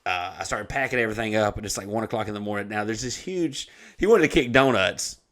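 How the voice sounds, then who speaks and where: A man speaking fast in a low voice tells a rowdy podcast story, full of free swearing and sudden laughter. The storytelling is casual, animated and profane.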